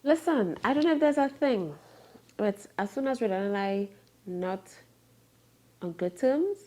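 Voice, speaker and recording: A woman, talking casually with her husband about an argument, lively and often laughing. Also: medium pitch, a little slow. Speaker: co-host, wife. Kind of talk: casual conversation.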